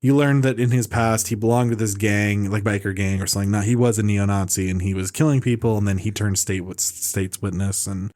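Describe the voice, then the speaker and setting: A man's voice: on the low side, steady tone, fairly quick, few pauses, darkish tone. Rambling man hosting a film podcast. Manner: rambling, frequent restarts and fillers, mocking asides. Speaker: podcast host. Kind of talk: casual film review chat.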